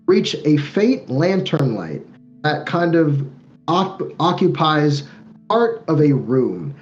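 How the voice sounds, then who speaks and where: A man's voice: fairly high pitch, a little mellow, dull audio. A man working as game master, narrating a tabletop game in a loose, descriptive way with lots of fillers.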